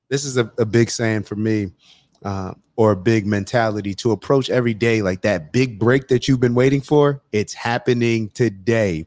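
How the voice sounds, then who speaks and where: Male host, mid pitch, dry close sound; motivational, reflective talker. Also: darkish tone, no echo. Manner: reflective, motivational, many fillers. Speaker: podcast host. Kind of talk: casual conversation.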